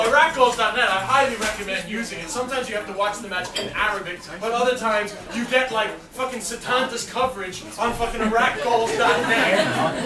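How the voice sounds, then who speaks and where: A middle-aged man from New York performing a stand-up comedy routine, telling a story in an animated, swearing style. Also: extremely high pitch. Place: comedy club stage. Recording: echoey club, distant mic, audience laughter. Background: audience laughter.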